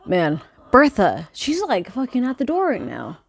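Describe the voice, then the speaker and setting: A woman hosting a book club podcast in a rambling, excitable, casual chat, swearing freely, outdoors by a chicken coop and filmed on a handheld phone. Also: fairly low pitch, moderate pace. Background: chickens clucking.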